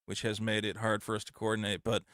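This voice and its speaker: A man hosting a call-in podcast, talking in a loud, profane, ranting way on a close studio mic. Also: on the low side, completely flat delivery, fast, no room sound. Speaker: podcast host. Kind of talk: casual call-in chat.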